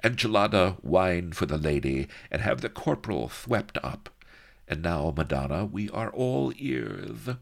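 A man's voice: low-pitched, very animated, a little slow, vocal fry, pitched above the performer's own voice, full character voice. A man voicing a blustering, paranoid villain viceroy. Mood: oily. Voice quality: blaring, then lisping and oily.

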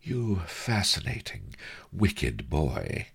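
Male narrator doing a purring husky femme fatale, slow, low and gravelly. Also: sing-song, heavily acted. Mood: coy. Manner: husky murmuring purr. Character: seductive scheming woman, husky purr.

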